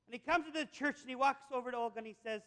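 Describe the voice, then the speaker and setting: A male preacher with a very high voice, delivering a sermon in an emphatic storytelling manner. He builds his points through repetition. A long reverb trails each phrase, as if he is in a big hall. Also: very fast, pushed and bright, clear, resonant tone.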